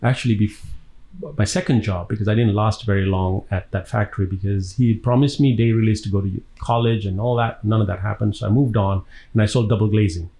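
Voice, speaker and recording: A man from Tanzania, an actor being interviewed, telling long, lively stories with a laugh between them. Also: on the low side, a little fast, low-quality recording. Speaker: actor guest. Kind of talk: casual interview storytelling.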